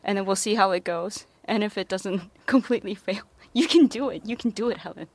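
A woman hosting a radio chat, gentle and giggly, with frequent murmured agreement. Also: medium pitch, brisk, dry recording. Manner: gentle, giggly, many mm-hmms. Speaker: radio host.

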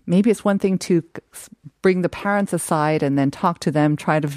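A thoughtful woman talking through a topic in a relaxed discussion. Her voice sits a little low and sounds close and dry. She pauses often and picks her words with care. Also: no echo. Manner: thoughtful, measured, frequent fillers. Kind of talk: casual discussion.

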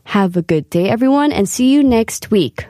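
A woman hosting a scripted radio segment, reading carefully with lively emphasis. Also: a little high, normal speed, slight background noise. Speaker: radio host.

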